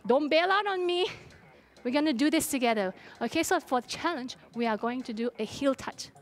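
A woman's voice: high-pitched, expressive, brisk. A woman fitness instructor coaching a live workout, encouraging and cheering her class on while out of breath. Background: faint music.

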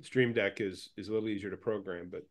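A man on a panel show, joking and explaining his gear in casual talk, often trailing off quietly. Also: on the low side, fairly even intonation, fast talker. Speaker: panel guest. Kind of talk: casual tech chat.

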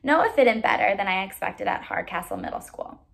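A woman, a teacher, reads a novel aloud to a child, expressive with occasional stumbles. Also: mid-range voice, fairly quick, vocal fry.

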